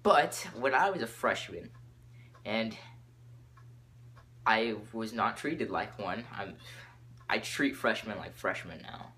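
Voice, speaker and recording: A teenage boy hosting his own podcast, rambling excitably from topic to topic with lots of fillers. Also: on the low side, slow pace, long pauses, slight background noise. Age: teens. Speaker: podcast host.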